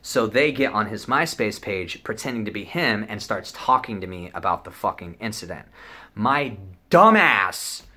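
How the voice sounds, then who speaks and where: A young male vlogger tells a story casually in a voice on the low side at a moderate pace. He rambles and swears, animatedly acting out what people said.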